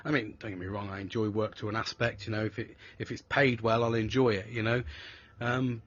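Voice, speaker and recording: A man's voice: lowish voice, flat delivery, fairly quick, a bit bright, highs cut off. A man hosting a live show, talking candidly and profanely about mental health, rambling with restarts. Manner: sweary, frank, rambling with restarts.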